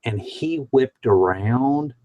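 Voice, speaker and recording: A man's voice: medium pitch, expressive, takes it slowly, darkish tone, muffled recording. A man from the Midwest hosting a casual live-stream chat, telling stories with many restarts and reading out viewer comments. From Midwest of the United States. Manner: rambling storyteller with frequent restarts.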